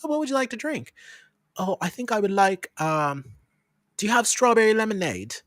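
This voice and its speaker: A woman's voice: medium pitch, very animated, moderate pace, no room sound, clean studio sound, voice pushed up, close to an everyday voice. A woman putting on a posh British young woman. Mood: mock-polite. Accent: put-on posh British.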